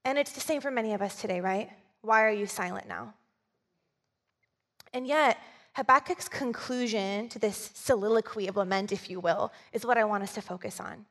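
A woman's voice: medium pitch, normal speed, fairly bright tone, long reverb tail. A woman preacher giving a sermon in a church, conversational and often asking the audience to agree with her. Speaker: communications director, preacher.

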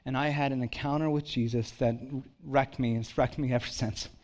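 A middle-aged male pastor preaching a sermon, telling lively personal stories and acting out the voices of people in them. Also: mid-range voice, a little fast. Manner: animated storyteller, acts out quoted voices.

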